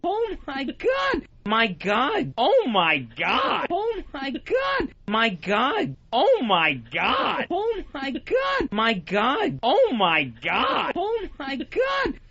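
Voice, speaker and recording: A man's voice: very high-pitched, huge pitch swings, drawn-out words, sharp tone, muffled recording. A drunk man co-hosting a radio show, over-enunciating as he raves and repeats exclamations.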